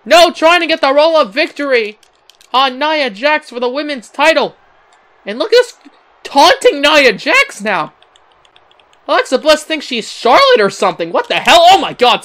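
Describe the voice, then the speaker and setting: High bright excitable young male commentator. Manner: excitable, with exclamations and chuckles. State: voice cracking. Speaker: amateur commentator. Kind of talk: play-by-play wrestling commentary.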